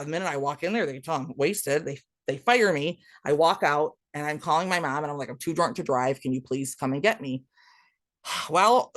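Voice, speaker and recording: A woman's voice: low-pitched, no room sound. Blunt, candid woman telling her story. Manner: raw, blunt, swears freely, speaks to listeners directly. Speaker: podcast guest telling her recovery story.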